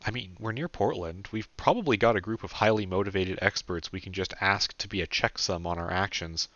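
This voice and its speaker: Casting: man reading as a wry young guy, casual and joking, deep and dry. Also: brisk, a bit bright, no room sound, muffled recording. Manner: joking, offhand.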